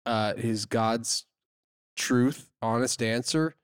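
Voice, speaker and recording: Smooth-voiced playful male podcast host. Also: mid-range voice, no room sound, clean studio sound. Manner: quick, playful, apologetic teasing. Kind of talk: casual chat. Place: podcast studio.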